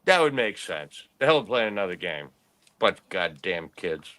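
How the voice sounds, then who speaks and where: A man's voice: low voice, sing-song, moderate pace, sharp tone. A man in his late fifties, a podcast host, telling rambling stories in casual chat and laughing often. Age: 50s.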